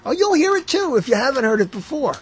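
A man's voice: very high-pitched, sing-song, fast talker, slight background noise. A man hosting a radio show, rambling casually about movies, often trailing off with uh and short laughs. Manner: rambling, self-interrupting, lots of uh and laughs.

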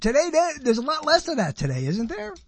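A man's voice: very high-pitched, huge pitch swings, brisk. A man hosting a talk show, chatting casually and thinking aloud with frequent restarts. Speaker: radio show host. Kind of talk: casual conversation.

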